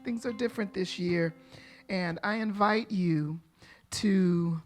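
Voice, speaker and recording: A woman, the music director, making chatty announcements during a church service, often pausing with fillers. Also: mid-range voice. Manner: warm, chatty, hesitant with fillers.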